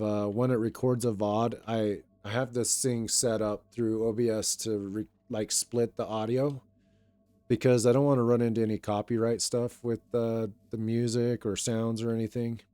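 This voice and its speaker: A young man streaming and chatting casually with viewers in a relaxed, rambling way, his voice a little raw today. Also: mid-range voice, measured pace, clean tone, no room sound. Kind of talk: casual live-stream chat.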